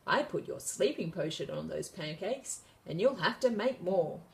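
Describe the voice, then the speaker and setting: A woman's voice: fairly low pitch, lively intonation, moderate pace, creaky. Woman doing a plucky little princess. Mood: determined. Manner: bright, determined. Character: brave, bossy little girl princess.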